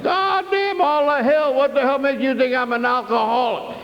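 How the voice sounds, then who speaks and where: A man's voice: extremely high pitch, normal speed, a faint crowd, pitched above the performer's own voice. A man voicing a huge, angry Texan man on a plane, with a Texan accent, drawling and then bellowing with rage, on an old convention tape. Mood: furious. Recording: dull, hall-echoed 1993 convention tape.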